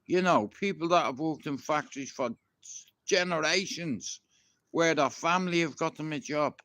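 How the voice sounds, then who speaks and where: A man's voice: fairly high pitch, moderate pace, a bit bright, no room sound. A middle-aged man with a Dublin Irish accent, telling rambling stories and swearing freely on a live stream from his garden. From Ireland. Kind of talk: casual live-stream storytelling. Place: outdoors in a garden.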